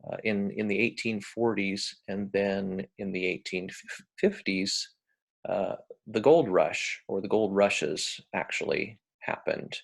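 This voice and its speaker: A man who is a university English professor, giving a lecture in a measured way with frequent fillers and restarts. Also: on the low side, creaky.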